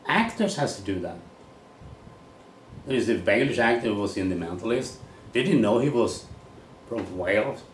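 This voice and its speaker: A low-pitched man with a Swedish accent holds forth in a blunt, rambling monologue, casually swearing as he goes. He is a golf coach speaking his mind. The room is echoey, with a faint hum of ambient noise behind him. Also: expressive, moderate pace, pauses often, recorded from a distance. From Sweden.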